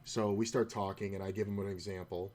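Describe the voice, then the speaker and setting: Low-voiced man telling a rambling story. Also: little pitch movement, brisk, a little mellow, a little hiss or hum. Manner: rambling, self-interrupting, quotes others in his own voice. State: discouraged, low-key. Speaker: poker streamer. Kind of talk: casual storytelling while playing.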